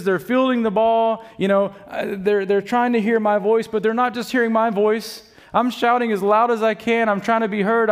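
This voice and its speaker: A man preaching a conversational sermon, asking rhetorical questions and dropping quiet for emphasis. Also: high-pitched. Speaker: preacher and baseball coach.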